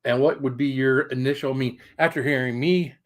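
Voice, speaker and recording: His mid-range voice stays fairly even and runs a little fast as the middle-aged man hosts a casual live stream. He rambles chattily through a story, curses colorfully at times, and stops to greet viewers.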